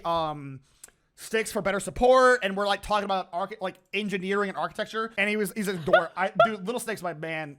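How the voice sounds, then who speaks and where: A man's voice: high-pitched, fairly bright tone. A man chatting casually as a vlogger, swearing and telling stories with animation. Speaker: vlogger and streamer. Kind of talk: casual chat with a friend.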